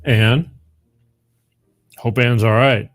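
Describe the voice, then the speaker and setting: A man's voice: medium pitch, animated, normal speed, a little mellow. A man hosting a live call-in show, talking casually and rambling, often repeating the phone number.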